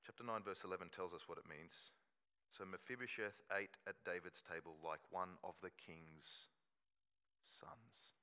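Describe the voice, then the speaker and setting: A man's voice: low-pitched, bright, forceful tone. A man, preaching a sermon in a conversational storytelling way and acting out quoted voices. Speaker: pastor.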